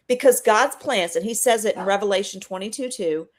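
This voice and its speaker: A woman's voice: mid-range voice, a little fast. A woman in her fifties, a guest on a live video call, speaking earnestly and persuasively with a preachy edge. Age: 50s. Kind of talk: casual interview chat.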